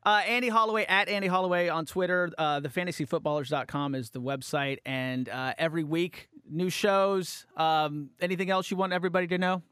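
A man hosting a casual studio podcast, excitable and self-deprecating. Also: high-pitched, brisk, hardly any pauses, smooth, dry recording. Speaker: podcast host.

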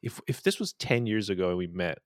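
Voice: low-pitched, expressive, brisk, dry recording, studio quality. A podcast guest chatting casually, playful and teasing, laughing a lot. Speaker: podcast guest, comedy streamer. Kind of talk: casual chat.

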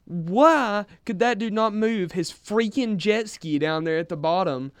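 A young man with a high, very lively voice, bouncing all over as he jokes with friends. He co-hosts a casual podcast, animated and quick to tease. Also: smooth, dry recording. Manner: animated, joking, puts on silly voices. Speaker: podcast co-host. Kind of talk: casual chat.

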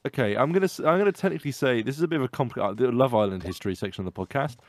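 A man's voice: mid-range voice, lively intonation, very fast, darkish tone, no echo. A man who is ill, explaining earnestly with asides as a podcast co-host. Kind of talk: casual chat.

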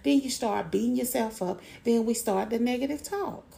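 A middle-aged woman hosting a motivational podcast, encouraging listeners and slowly repeating affirmations. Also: on the high side, creaky, dark tone. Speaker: podcast host.

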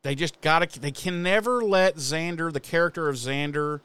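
Profane animated man recapping a show. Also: on the high side, normal speed, clean tone, no echo. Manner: animated, swears a lot, acts out characters' lines. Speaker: podcast co-host recapping an episode. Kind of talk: casual profane recap chat.

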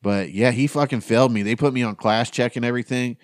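Podcast host, man in his 30s, middle pitch, swears a lot, acts out quotes, dry close sound. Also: fast, dry recording. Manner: profane, animated storyteller acting out quotes. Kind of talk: casual storytelling among friends.

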